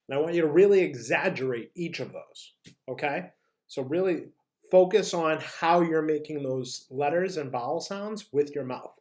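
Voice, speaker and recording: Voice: medium pitch, normal speed. Upbeat teacher leading a video lesson. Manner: upbeat, encouraging, leads warm-ups and tongue twisters. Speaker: drama and language teacher. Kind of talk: online enrichment lesson.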